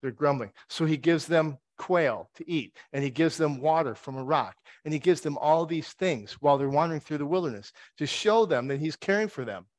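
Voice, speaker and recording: A man's voice: fairly high pitch, expressive, moderate pace, few pauses, no echo. A man preaching a conversational sermon. He retells the story with wry asides and rhetorical questions.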